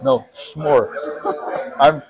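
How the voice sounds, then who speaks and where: A man's voice: on the high side, sing-song, very slow, creaky, poor audio. A man, a pastor co-hosting a podcast, chatting casually, joking around and laughing often. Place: brewery.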